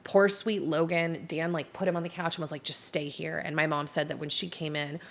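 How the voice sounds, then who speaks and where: Chatty, animated woman with a lowish voice. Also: fairly quick, gravelly, a little hiss or hum. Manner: chatty and animated, heavy use of "like"; self-described dramatic, expressive. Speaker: YouTuber. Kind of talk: casual storytelling to camera. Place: seated indoors at home.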